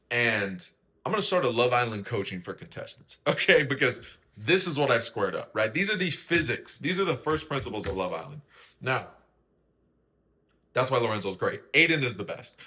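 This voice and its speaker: Bright-voiced chatty man hosting a recap. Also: medium pitch. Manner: chatty, keeps asking "right?" and "you know what I mean?", acts out quoted lines. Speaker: host. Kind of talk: casual opinionated reality-show recap.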